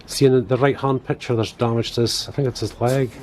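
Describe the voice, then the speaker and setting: A man's voice: mid-range voice, steady tone, fast talker, darkish tone, a little hiss or hum. A man filming outdoors at a bird of prey centre, cooing fondly at the birds and asking them little questions. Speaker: family vlogger filming. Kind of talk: casual vlog commentary.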